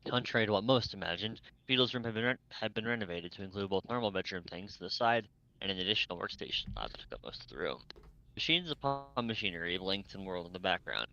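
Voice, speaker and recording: Deep gravelly man reading aloud. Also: very animated, fast talker, sharp tone. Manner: stumbles and restarts words while reading. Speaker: fanfic reader. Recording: dull lo-fi mic, dry.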